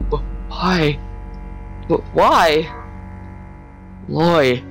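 Young male gamer, sarcastic play-by-play, animated and bright. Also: medium pitch. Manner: wry, sarcastic narration of the action. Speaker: gamer playing a horror game. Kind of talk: let's play commentary.

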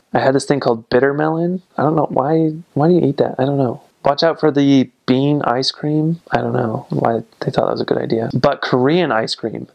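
American male vlogger, mid-range pitch, gravelly, rambly and easygoing. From United States. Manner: rambling, fills with "like" and "I don't know". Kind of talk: casual vlog talk.

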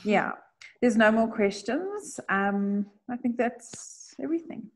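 A woman's voice: a little high, lively intonation, slow pace. A woman co-hosting a webinar on a video call, friendly as she reads out questions and wraps up. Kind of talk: casual webinar moderation.

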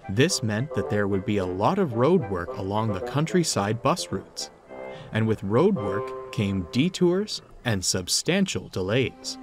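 Expressive male storybook narrator. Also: mid-range voice.

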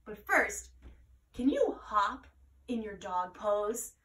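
A woman leading a children's mindfulness and yoga lesson at home, gentle, playful and encouraging, with songs and frog croaks. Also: mid-range voice, sing-song, slow. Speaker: children's yoga and music teacher. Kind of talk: kids' mindfulness lesson with singing. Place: at home, roomy indoor space. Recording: echoey room, voice from a distance.

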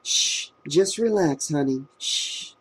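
A man voicing a kindly older woman neighbor who speaks softly to comfort someone. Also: sits high, sing-song, measured pace, pitched above the performer's own voice, heavily acted. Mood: soothing. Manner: soft and comforting.

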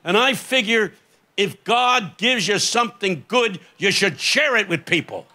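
Brief: cheerful homeless street man, acted by a preacher, high and bright, eager. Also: lively intonation, a little slow, full character voice. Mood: earnest.

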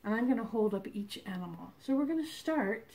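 A woman librarian leading a toddler storytime from home, reading in an animated sing-song voice with exclamations and animal sounds. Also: mid-range voice, a little fast. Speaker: children's librarian.

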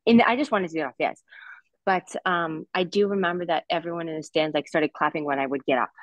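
A woman in her thirties, a former skater, thinks aloud on a podcast. Her voice sits on the low side and reaches the ear close and dry. She talks in loose, reflective runs with frequent restarts. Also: fast talker, no room sound, poor audio. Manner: reflective, many restarts and fillers. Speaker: guest, former figure skater. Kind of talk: podcast discussion.

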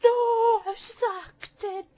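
A woman's voice: extremely high pitch, steady tone, a little slow, dark tone. A young woman recording casual voice clips into a handheld mic at home, giggling, swearing and teasing playfully. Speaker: voice clip maker. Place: cold room at home.

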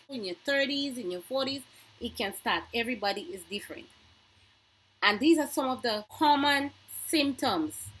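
A middle-aged woman speaks in a fairly high, slightly husky voice. She talks earnestly to camera in a personal vlog and hammers her warnings home with repetition. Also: a bit bright, low-quality recording. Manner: earnest, emphatic, repeats warnings. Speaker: vlogger.

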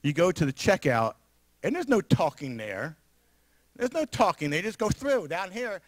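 A man with a New York area accent, preaching a sermon as pastor in an animated, emphatic way with frequent laughter. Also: high voice, normal speed, no echo. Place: church sanctuary.

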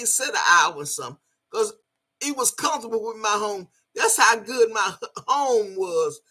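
Profane Southern woman, husky and sharp. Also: on the high side. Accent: Southern US (Alabama). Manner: profane, heated, shouting insults. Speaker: livestreamer. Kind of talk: livestream rant.

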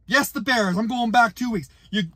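A man giving an angry, profane fan rant to camera, breaking into shouted outbursts. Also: very high-pitched, normal speed, no room sound. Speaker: YouTuber and football fan.

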